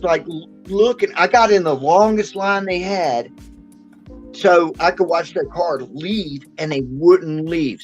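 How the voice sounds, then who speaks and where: A man telling rambling stories in casual chat, swearing offhand. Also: a little high. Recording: dull lo-fi mic.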